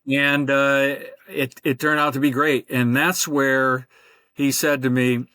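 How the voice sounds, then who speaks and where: An older man, a podcast guest, telling his career story in a relaxed, rambling way with many fillers, over a remote call. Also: medium pitch, slow, smooth, dry recording. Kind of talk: conversational interview.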